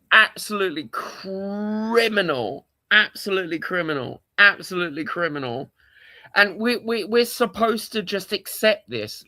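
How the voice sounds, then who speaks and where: A man's voice: high-pitched, no echo. Exasperated London man ranting on stream. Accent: London English. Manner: animated, exasperated, repetitive, swears often. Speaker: live streamer, football fan. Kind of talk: casual livestream rant.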